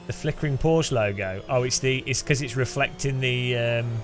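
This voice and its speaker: A man's voice: medium pitch, normal speed, soft background music. A middle-aged man, chatting casually and jokingly while streaming a game live, often chuckling as he rambles. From English Midlands.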